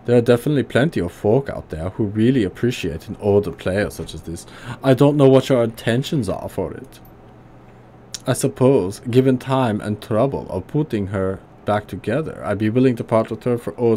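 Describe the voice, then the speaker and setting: A man voicing a stout, gruff but kindly old tinkerer with a heavy put-on German accent, reading game dialogue. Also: on the low side, lively intonation, normal speed, dark tone, slight background noise. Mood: gruff friendly.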